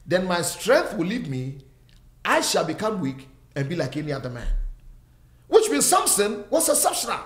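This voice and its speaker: A man preaching a sermon, emphatic and repetitive, speaking straight to his listeners and urging them to repeat after him. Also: high voice. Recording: roomy echo.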